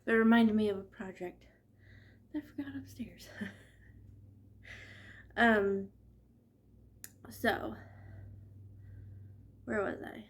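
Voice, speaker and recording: Middle-aged woman, unhurried, chatty knitting vlogger, stuffy from allergies. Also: mid-range voice. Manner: chatty, laughs often, drifts off topic. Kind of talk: casual chat.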